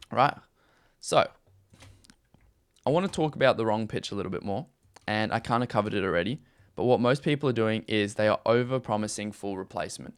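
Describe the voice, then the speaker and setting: Emphatic man giving sales advice. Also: medium pitch. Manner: emphatic, repeats points, checks in with "okay?" and "right?". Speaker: YouTube host and AI consultant. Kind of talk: direct-to-camera sales advice talk.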